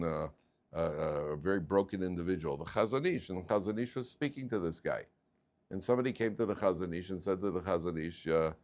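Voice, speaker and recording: Rabbi telling stories in a lively lecture. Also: male voice, sits low. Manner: animated storyteller, repeats words, acts out quoted people. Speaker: rabbi teaching a class. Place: classroom with students.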